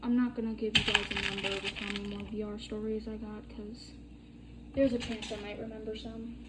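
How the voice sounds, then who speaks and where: A woman's voice: medium pitch, little pitch movement, a little fast, heavy background noise. A young woman chatting casually while demonstrating a bead craft, rambling and swearing freely. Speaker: crafting tutorial vlogger.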